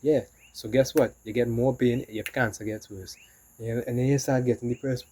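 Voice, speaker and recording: A man's voice: medium pitch, normal speed, mellow, slightly rough, low-quality recording. A man talking casually in a rambling motivational monologue, often saying "you know". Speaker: vlogger.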